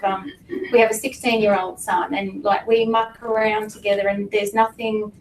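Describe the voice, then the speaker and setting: A middle-aged woman giving an emotional personal testimony to an audience, halting and fighting back tears. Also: medium pitch, a little hiss or hum. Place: meeting room with an audience. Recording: echoey room from a distance with faint ambience.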